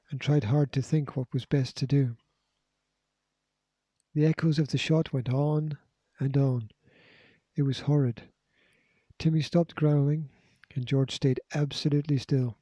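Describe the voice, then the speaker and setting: Guy reading a kids book out loud, steady and expressive, mellow dark voice, dry sound. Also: medium pitch, no room sound. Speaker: narrator. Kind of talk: audiobook narration.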